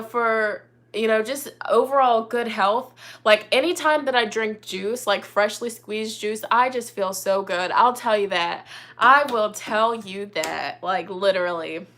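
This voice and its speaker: A woman's voice: a little high, fairly bright tone. A young woman hosting a casual live chat as a tarot reader, talking in an upbeat, rambling way full of "you know" and "like". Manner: chatty, upbeat, lots of fillers like "you know" and "like".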